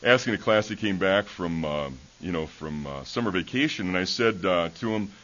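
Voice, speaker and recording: A man's voice: deep voice, animated, normal speed, a bit bright. A man who is a preacher and schoolteacher, giving a sermon in a folksy storytelling way, with many fillers and restarts, heard in a church. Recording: dull lo-fi recording.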